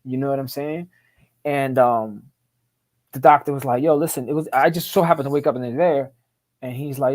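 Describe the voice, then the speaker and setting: A middle-aged man tells his story in a rapid, unfiltered stream. His talk is emphatic and full of street profanity, casual and direct. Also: medium pitch, steady tone, darkish tone. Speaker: podcast guest.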